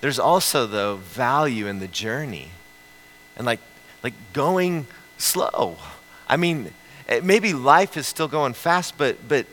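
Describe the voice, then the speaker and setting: A middle-aged man from the central United States, a pastor giving a conversational sermon in an animated, storytelling way with frequent restarts. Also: mid-range voice, slow, slight background noise, low-quality recording.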